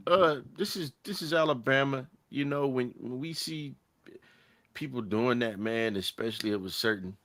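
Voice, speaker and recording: A man's voice: mid-range voice, normal speed, a bit bright. A man hosting a podcast, talking casually and animatedly, often restarting sentences and leaning on "man". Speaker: podcast host. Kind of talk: casual chat.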